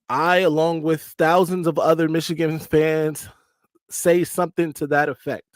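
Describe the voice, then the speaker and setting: Male stream host, slightly high voice, loose and digressive, dry close mic. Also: dry recording. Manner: chatty, digressive, joking asides. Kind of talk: casual live-stream commentary.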